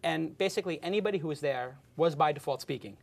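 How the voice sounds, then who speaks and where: Guy hosting a chat show, talks super fast, creaky voice, blunt and jokey. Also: on the high side. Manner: blunt, joking, opinionated, with fast restarts. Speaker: podcast host. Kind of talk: casual chat.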